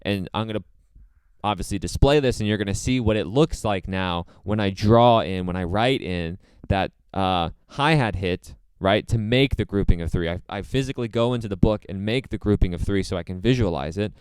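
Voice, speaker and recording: Low, smooth-voiced male drum teacher. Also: normal speed, no room sound. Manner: relaxed, explains step by step with many fillers. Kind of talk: casual instructional talk.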